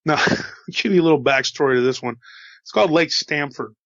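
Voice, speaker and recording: A man's voice: fairly high pitch, fairly quick, fairly bright tone, no room sound, lo-fi sound. A man with a slight Texas drawl telling a story in a casual, chatty way, with folksy asides to his listeners. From Texas, USA. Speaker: host telling encounter stories.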